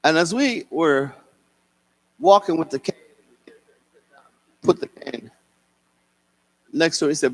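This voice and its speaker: An older man, an author and singer, telling a childhood story at a live reading in an expressive, sing-song way. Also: fairly high pitch, slow pace, long pauses. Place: concert hall at a public reading.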